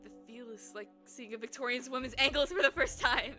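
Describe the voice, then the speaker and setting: A woman streaming a story game, reading it aloud and chatting with viewers, quick to burst into excited exclamations. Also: high-pitched, over music. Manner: excitable, breaks into squeals and exclamations.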